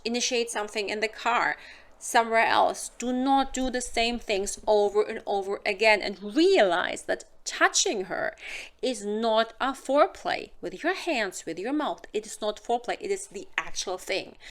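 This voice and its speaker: A woman's voice: fairly high pitch, lively intonation, moderate pace, fairly bright tone. A woman from Germany with a German accent, talking frankly and casually to camera as a hypnotist and sex advisor, acting out little scenes in silly voices. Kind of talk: casual direct-to-camera advice.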